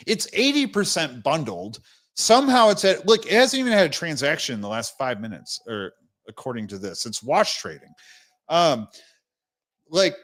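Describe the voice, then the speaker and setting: A man's voice: on the high side, fairly bright tone. A young man hosting a casual crypto livestream, talking bluntly and rambling with many restarts, fighting the hiccups and short of breath.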